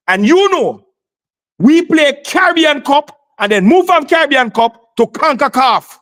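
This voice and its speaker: A man's voice: very high voice, animated, a little slow, fairly bright tone. A man arguing heatedly on a sports talk show, insisting and repeating his points. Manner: insistent, repeats himself, talks over others.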